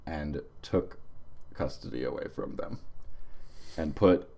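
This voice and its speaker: A man's voice: very deep voice, slow, mellow. A man co-hosting a comedy podcast, reading out a list of odd facts in a dry, casual way. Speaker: podcast co-host.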